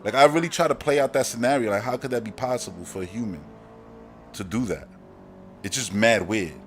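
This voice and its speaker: Speaking fairly quickly at a medium pitch, a man hosts a casual live-stream chat with faint music behind. This podcast host is from Brooklyn, New York, has a Brooklyn accent, and talks in a slangy, rambling style, laughing often.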